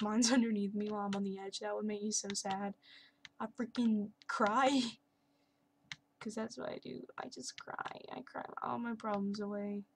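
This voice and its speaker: A woman's voice: mid-range voice, noisy background. A young woman casually commenting over her Minecraft gameplay, chatty and sarcastic with self-mocking asides. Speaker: gaming channel host. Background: keyboard and mouse clicks.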